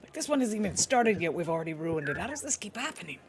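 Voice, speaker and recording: A woman's voice: fairly low pitch, big pitch swings, fast, soft background music. A woman player speaking in character in a tabletop game, awkward and dryly comic.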